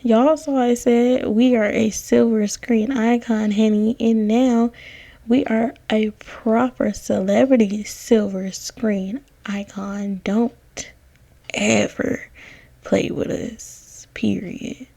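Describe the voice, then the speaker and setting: Sassy, gravelly young woman narrating gameplay. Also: on the high side, fairly even intonation, slow, dark tone, dry recording. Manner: sassy, slangy, dramatic, addresses viewers as y'all. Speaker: gaming content creator. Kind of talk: casual gameplay voiceover commentary. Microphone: close voiceover mic.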